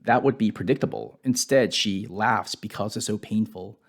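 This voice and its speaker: A man's voice: on the low side, moderate pace. Reflective man teaching on the Bible. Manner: reflective, drops to a hush on painful words.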